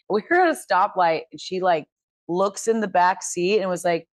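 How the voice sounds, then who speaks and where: Low-voiced woman telling lively stories. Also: no echo. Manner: animated storyteller, quick asides, laughs often. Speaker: podcast co-host. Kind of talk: casual chat.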